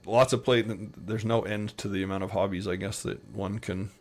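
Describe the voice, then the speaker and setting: A middle-aged man with a Utah American accent, telling rambling anecdotes in a relaxed interview, slipping into playful quoted voices. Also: fairly low pitch, normal speed. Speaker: podcast guest. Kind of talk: casual storytelling interview.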